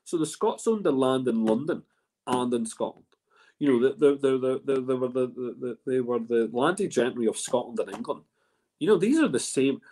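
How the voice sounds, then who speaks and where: A man's voice: mid-range voice, lively intonation, normal speed, mellow. A man hosting a whisky tasting in a casual, rambling way, full of restarts and fillers. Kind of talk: casual spoken presentation.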